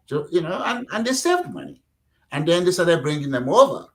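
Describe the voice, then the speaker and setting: A middle-aged man from Nigeria, talking casually as a guest, animated and acting out quotes, with lots of "you know". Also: sits high, a little fast, rough recording. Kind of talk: casual interview talk.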